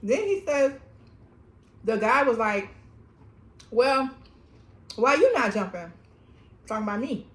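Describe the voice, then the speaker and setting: A young woman vlogger telling a story in casual slang while eating, animated and often laughing. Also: a little high, takes it slowly, pauses often. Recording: echoey room.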